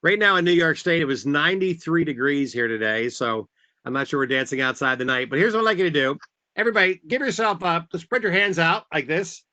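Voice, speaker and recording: Male facilitator, upbeat, counts out dance steps; bright, lively delivery on a video call. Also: a little high, fairly quick, muffled recording. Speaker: event facilitator. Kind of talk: leading a group line dance.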